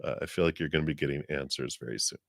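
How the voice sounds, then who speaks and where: A man doing a casual live reading on a stream, gentle and rambling, laughing often, his voice a bit lower than usual from the weather. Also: very fast, vocal fry, no room sound, clean studio sound. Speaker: psychic reader on a livestream.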